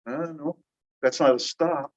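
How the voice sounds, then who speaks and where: Slow, patient lecturer. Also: mid-range voice, darkish tone, highs cut off. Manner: patient, quizzing students with questions. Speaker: linguistics teacher. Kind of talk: classroom lecture.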